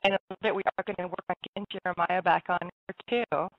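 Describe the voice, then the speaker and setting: A woman's voice: on the low side, steady tone, fast talker, dry recording. A woman hosting an internet radio show, chatty and apologetic, laughing easily as she talks. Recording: dull lo-fi audio, dry.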